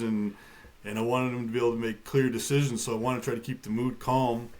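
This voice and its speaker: Man calmly telling a survival story. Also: mid-range voice, a little fast. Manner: matter-of-fact, light humor with fillers. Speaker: guest, bear attack survivor.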